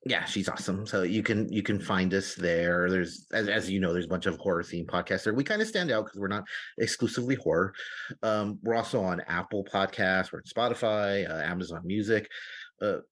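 A man's voice: low voice, brisk, fairly bright tone. A man appearing as a podcast guest, recommending films casually with hesitant fillers. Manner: hesitant, fillers, easy laughter. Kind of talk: casual film discussion.

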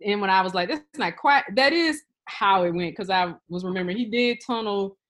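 A woman's voice: medium pitch, fairly quick, a bit bright. A woman co-hosting a casual chat, blunt and joking, cutting in with comments. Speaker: podcast co-host.

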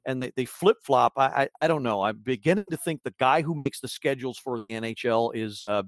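A man's voice: medium pitch, a little fast, no room sound. Rambling man on a dry mic. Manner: rambling, filler-heavy, wry. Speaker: podcast host. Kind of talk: casual sports podcast chat.

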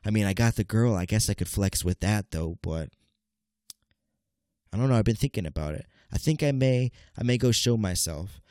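A man's voice: fairly low pitch, animated, moderate pace, darkish tone, no room sound, clean studio sound. A man in his late twenties with a congested, nasal voice, hosting a casual solo podcast in a rambling, stammering way and speaking straight to his listeners. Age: late 20s. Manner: rambling, stammering, keeps calling listeners "people". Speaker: podcast host.

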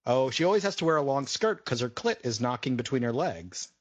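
Brief: male comic co-host, lively swooping delivery, profane mocking riffs. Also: medium pitch, fairly quick. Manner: profane, mocking, breaks into jokey voices. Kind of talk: crude comedic commentary.

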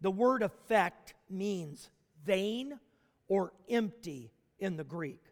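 A man preaching a sermon as a pastor, asking the congregation questions and building to shouts. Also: high-pitched, slow pace. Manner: animated preaching with rhetorical questions, rising to shouts. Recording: long hall reverb.

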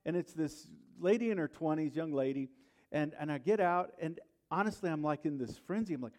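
A middle-aged pastor tells a personal story during his church sermon, using a slightly high voice at normal speed. His delivery is conversational, falling to quiet asides and swelling into loud outbursts.

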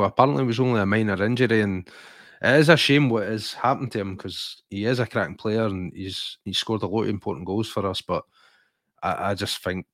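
Low-voiced Scottish man chatting football. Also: a bit bright, no room sound. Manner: rambling and enthusiastic, lots of fillers and restarts. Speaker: podcast co-host. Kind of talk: casual chat.

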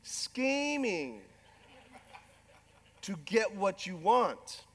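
A middle-aged male pastor preaching a sermon with animated, self-deprecating humor. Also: high-pitched, measured pace. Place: large church hall. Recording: long hall reverb.

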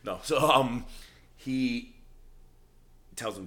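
A man's voice: on the low side, measured pace, pauses often. A man hosting a podcast in casual chat, recapping a TV show with lots of swearing and acted-out quotes. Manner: animated, swearing, acts out quotes in character voices. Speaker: podcast host.

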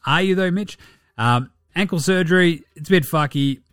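A man's voice: fairly high pitch, moderate pace, a bit bright, dry recording, studio quality, soft background music. An Australian man hosting a sports podcast, talking casually and sarcastically, swearing often and mocking the people he talks about. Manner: profane, sarcastic, mocking impressions. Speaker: podcast host.

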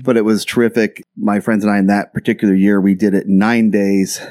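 A man's voice: fairly low pitch, level tone, a little fast, mellow. An American man chatting casually as a podcast guest, telling rambling travel anecdotes with many restarts. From United States. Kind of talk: casual storytelling chat.

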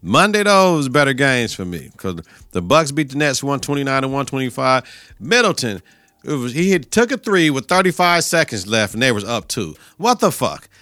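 A young man who teaches and coaches runs his own podcast alone, riffing on sports and coaching in a loose, animated style full of slang and profanity. His mid-range voice is bright and forceful at a normal speed, captured close and dry with no room around it.

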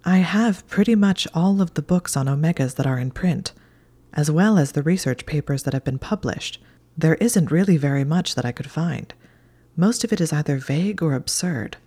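A woman's voice: low voice, expressive, normal speed, exaggerated voice. A woman whispering as a bookish young witch. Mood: earnest. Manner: soft, breathy half-whisper. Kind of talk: whispered role-play.

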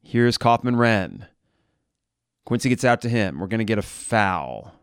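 A man hosting a live game reaction podcast, blunt and frustrated, who swears and flares into shouting. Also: lowish voice, big pitch swings, unhurried, clean tone, no room sound, clean studio sound.

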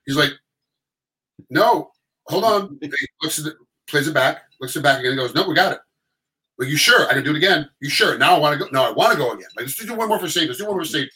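Man, middle-aged, rapid speech, bright forceful tone, animated storyteller acting out quotes. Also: a little high, rough recording. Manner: animated, acts out quotes in other voices. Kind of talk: casual storytelling chat.

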